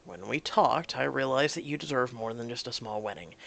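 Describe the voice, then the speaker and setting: Tender young groom, sincere and gentle, low gravelly read, by a man reading a story game. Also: expressive, brisk.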